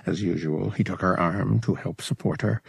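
A man narrates a novel in a low, gravelly voice. His storytelling is measured and expressive, with a slightly husky edge. The sound is dry and close. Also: no room sound. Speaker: audiobook narrator.

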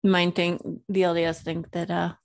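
A woman's voice: lowish voice, level tone, moderate pace, dry recording. A woman co-hosting a casual podcast, chatty and a bit sweary, breaking into silly sound effects. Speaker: podcast co-host. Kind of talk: casual chat.

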